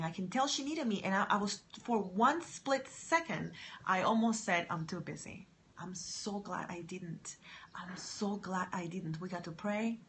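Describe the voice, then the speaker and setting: A woman talking to camera in a faith-based pep talk. She moves between hushed, soft lines and loud, excited encouragement. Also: medium pitch. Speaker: motivational vlogger.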